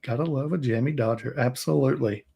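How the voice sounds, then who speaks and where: A man's voice: medium pitch, quick pace, creaky, dark tone, breathy edge. Southern-accented American man, chatty livestream host who rambles and laughs easily. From Tennessee, USA. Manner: rambling, laughs often, drawling. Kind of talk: casual interview chat.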